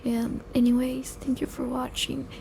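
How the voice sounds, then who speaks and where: A young woman soft-speaking for an ASMR video, rambling in a relaxed way, losing her focus and mocking herself, sometimes dropping into a whisper. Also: high voice, normal speed, vocal fry, a little hiss or hum. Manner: rambling and self-deprecating, loses focus; soft-spoken with bits of whisper. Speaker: ASMR creator. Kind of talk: soft-spoken ASMR chat.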